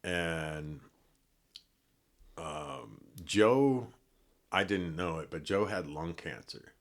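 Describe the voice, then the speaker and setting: A middle-aged man from Colorado with an extremely deep, low voice. He tells his story casually as a podcast guest, rambling along with fillers and restarts. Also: lively intonation, extremely slow, gravelly.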